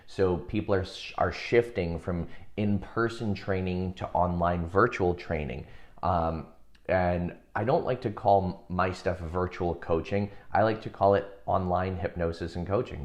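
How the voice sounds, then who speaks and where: Brief Deep-voiced male coach, loose livestream banter, rambling with fillers and frequent chuckles. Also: a little mellow. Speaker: hypnosis and success coach. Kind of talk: casual livestream chat reading viewer comments.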